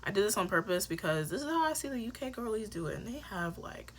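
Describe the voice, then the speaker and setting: A young woman chatting casually through a makeup tutorial, joking with her viewers and dropping into soft whispers now and then. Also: mid-range voice, very animated, fast talker, slight background noise. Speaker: beauty vlogger.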